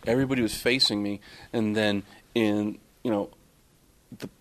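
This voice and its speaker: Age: adult. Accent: none. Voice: rambling low-pitched man. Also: fairly even intonation, normal speed, a bit bright, slight background noise. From Florida, USA. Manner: rambling, self-interrupting, many fillers, chuckling. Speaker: author at a book talk. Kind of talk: casual live storytelling to an audience.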